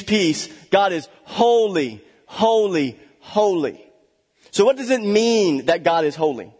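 A man's voice: high voice, in a large hall. A man preaching a sermon as a pastor, emphatic and repeating key words for stress, with chatty asides. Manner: chatty asides with small laughs.

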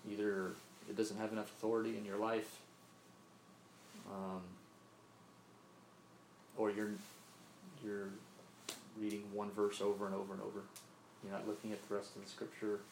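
A man's voice: on the low side, completely flat delivery, normal speed, creaky, long pauses, darkish tone, slight background noise. A man from Mississippi preaching a sermon, earnest, often repeating himself and asking "right?". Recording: roomy echo, faint ambience.

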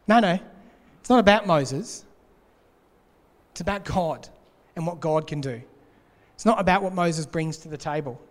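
High-voiced guy preaching, earnest, repeats his points, long echo in a big hall. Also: normal speed, long pauses. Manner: earnest, repeats key phrases. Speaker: pastor. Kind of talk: sermon.

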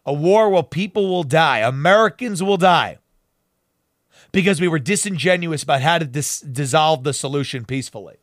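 A man's voice: on the high side, expressive, normal speed, dry recording, studio quality. A man hosting a talk show, delivering fiery, emphatic and sarcastic political commentary.

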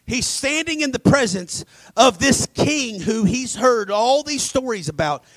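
A male pastor preaching a dramatic sermon, swinging between loud emphasis and hushed asides. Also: extremely high pitch, expressive, unhurried, dry recording. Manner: acts out scripture voices.

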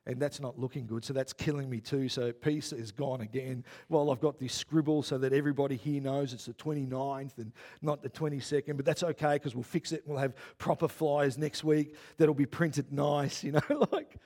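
A man, a pastor preaching a sermon in a chatty storytelling way that grows loud and worked up. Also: medium pitch, steady tone, normal speed, hardly any pauses.

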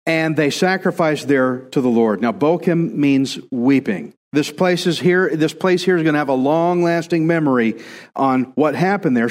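A man's voice: fairly high pitch, darkish tone, in a large hall. A male pastor preaching a conversational sermon, now and then acting out quoted voices.

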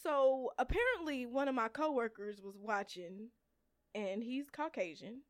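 Podcast host, woman; lively bright voice, a bit high. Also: a little slow, dry recording, clean studio sound. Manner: laughing, exclaiming. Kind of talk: casual chat, storytelling.

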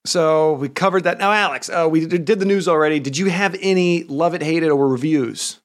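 A man's voice: on the high side, brisk. A man co-hosting a casual podcast, easygoing and laughing often. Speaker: podcast co-host.

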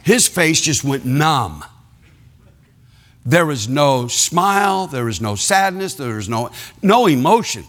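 A man's voice: a little high, sing-song, takes it slowly, fairly bright tone. A man preaching a sermon as a pastor, telling a story with laughter and acting out the people in it.

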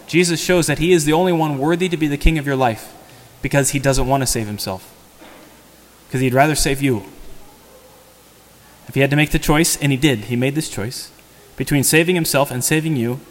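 A man giving a homily as a priest, in a conversational sermon style that poses rhetorical questions to the congregation. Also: medium pitch. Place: church. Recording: long church reverb.

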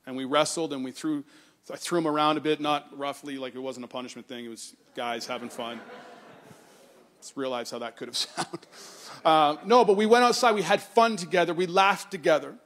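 Middle-aged male pastor, sermon storytelling, slightly high voice, earnest. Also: fairly quick. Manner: storytelling with animated quoting, then earnest and softer on scripture.

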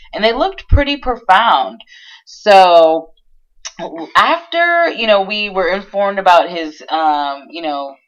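A woman's voice: fairly low pitch, lo-fi sound. A young woman hosting a podcast in casual chat, giggly and chatty with lots of fillers. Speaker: podcast host.

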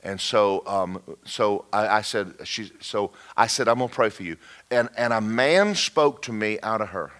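A man preaching a storytelling sermon, folksy and animated, with joking asides and sudden shouts. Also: fairly low pitch, unhurried.

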